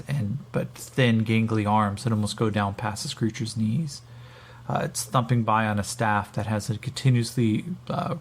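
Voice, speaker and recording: A man with a gravelly voice narrating as game master, rambling with many fillers. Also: on the low side, slight background noise.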